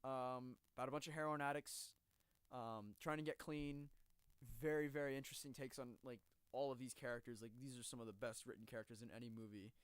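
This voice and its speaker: Male co-host, mid-pitched voice, animated and profane, recorded dry. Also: fairly quick, smooth, dry recording. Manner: animated storyteller, swears freely. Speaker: podcast co-host. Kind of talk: casual chat.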